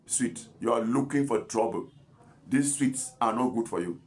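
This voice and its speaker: A man's voice: mid-range voice, moderate pace, a little mellow. A man, a doctor giving informal health advice, chatty and scolding, rambling with repeated words and asides. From Cameroon. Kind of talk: informal health talk to camera.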